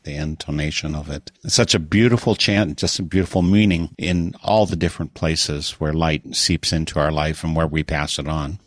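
A male radio host gently closing an interview segment. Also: very deep voice, normal speed, few pauses, no echo, studio quality.

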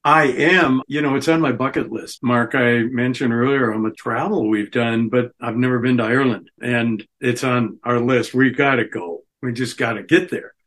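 A man's voice: medium pitch, steady tone, moderate pace, hardly any pauses, fairly bright tone. Chatty, enthusiastic middle-aged man. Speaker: guest musician. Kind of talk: casual radio chat.

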